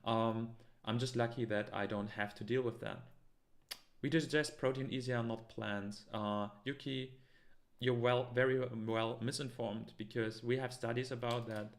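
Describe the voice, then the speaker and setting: A man's voice: medium pitch, fairly even intonation, unhurried. Heated man arguing with live chat. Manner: argumentative, heated, many fillers and restarts. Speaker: live stream host. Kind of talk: live stream, reading and answering chat comments.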